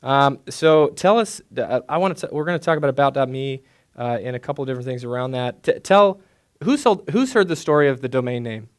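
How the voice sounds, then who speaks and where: A man with a medium-pitched voice hosting an interview onstage before a live audience. He asks questions in a casual, conversational way and prompts his guest to tell stories. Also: lively intonation, brisk, smooth. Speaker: interview host.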